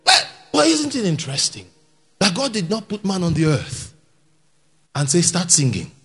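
Lively gravelly preacher man. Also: sits high, moderate pace, faint music behind. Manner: animated, shouts key points and laughs with the congregation. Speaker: guest preacher. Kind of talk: sermon. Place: church hall with an audience.

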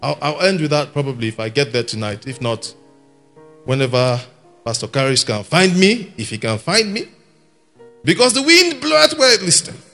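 Lively gravelly preacher man. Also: a little high, moderate pace, faint music behind. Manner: animated, shouts key points and laughs with the congregation. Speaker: guest preacher. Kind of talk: sermon. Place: church hall with an audience.

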